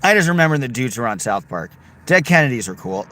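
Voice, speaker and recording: A man's voice: mid-range voice, very animated, fast talker, bright, forceful tone. A man livestreaming casually on a road trip, rambling, reading chat aloud and talking to his dog. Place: outdoors and in a car on a road trip.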